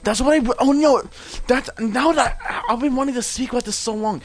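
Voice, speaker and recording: A man's voice: very high voice, a little fast. A young man giving casual let's-play commentary, rambling and full of "like" fillers. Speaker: gamer.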